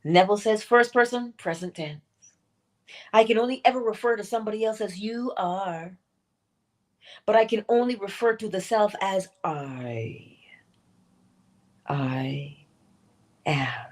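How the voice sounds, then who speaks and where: A woman's voice: mid-range voice, unhurried, long pauses. A woman hosting a spiritual morning livestream talk, playful and laughing often as she acts out little quotes.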